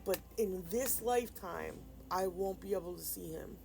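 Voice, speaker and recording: A woman's voice: fairly low pitch, moderate pace, gravelly, dark tone, faint music behind, poor audio. A woman vlogger casually telling a rambling personal story, full of fillers and restarts. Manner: subdued and grieving in later part. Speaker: nail art vlogger.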